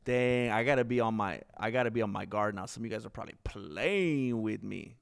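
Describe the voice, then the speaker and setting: A man's voice: fairly low pitch, a little fast, vocal fry, clear, resonant tone. A man hosting a livestream, rambling casually and talking straight to his viewers. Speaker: livestream host reading chat.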